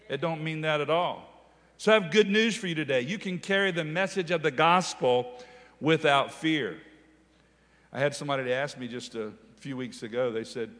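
A fairly high-voiced man preaching a sermon, telling a story with lively animation and rising to loud, emphatic declarations. His voice rings with the long reverb of a large hall. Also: moderate pace. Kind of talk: sermon testimony.

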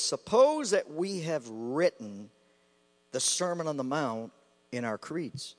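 A man preaching a sermon with passion, repeating phrases and swinging between loud outbursts and quiet asides. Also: on the high side. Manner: impassioned, rising and falling sharply, repeating phrases. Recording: long hall reverb with mains hum.

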